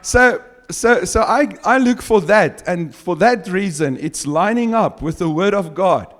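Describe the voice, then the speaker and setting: A man whose first language is Afrikaans, preaching a sermon and reading scripture slowly and with emphasis, chuckling often between points. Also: high voice, animated, a bit bright. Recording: long hall reverb.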